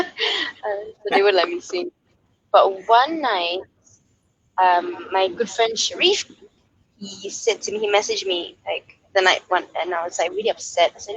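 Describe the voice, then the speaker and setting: Animated young woman from Malaysia. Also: mid-range voice, normal speed, breathy edge, lo-fi sound. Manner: lively, acts out quoted voices, laughs often. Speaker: guest singer-songwriter. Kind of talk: casual storytelling interview.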